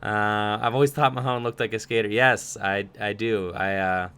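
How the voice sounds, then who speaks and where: A young man with a bright, clean-sounding voice runs a relaxed livestream Q&A. He reads questions from chat and answers in a loose, rambling way full of little fillers. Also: fairly low pitch, moderate pace, clean tone. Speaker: streamer answering viewer questions. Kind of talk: casual livestream Q&A.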